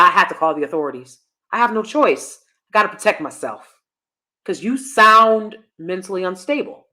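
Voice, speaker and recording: A woman's voice: on the low side, fairly bright tone. A woman in her thirties hosting a live stream, giving blunt, emphatic and sassy commentary to her audience. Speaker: host.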